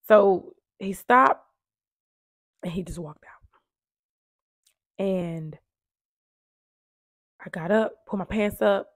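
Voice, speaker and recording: Earnest woman with a gravelly edge. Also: medium pitch, dry recording, clean studio sound. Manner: emphatic, repetitive, earnest retelling. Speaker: domestic violence survivor sharing her story. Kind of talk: emotional personal storytelling.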